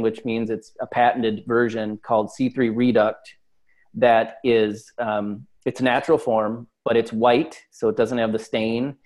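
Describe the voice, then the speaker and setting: Appearing as a guest from a supplement company, a man chats casually in an interview, talkative and peppering his speech with fillers. His voice is medium-pitched with a somewhat dark tone.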